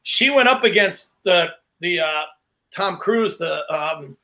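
High, bright-voiced male host. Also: lively intonation, slow. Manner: chatty anecdote teller. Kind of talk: casual chat.

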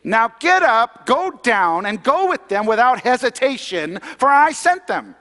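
A man's voice: extremely high pitch, big pitch swings, a little slow, sharp tone, big-room sound, voice pushed up, heavily acted. A man voicing God as an exasperated, sassy parent scolding a child to get up and go.

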